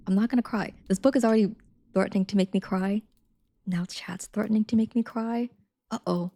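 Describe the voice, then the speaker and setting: A woman livestreaming, chatting casually with her viewers and reading a novel aloud, soft-spoken and slipping into whispers now and then. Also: mid-range voice, fast talker. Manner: chatty with viewers, reads steadily.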